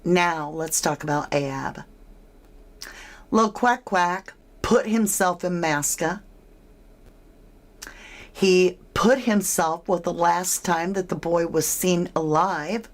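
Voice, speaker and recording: A woman's voice: fairly low pitch, slow, long pauses. A woman giving casual, speculative true crime commentary, asking her listeners questions as she goes.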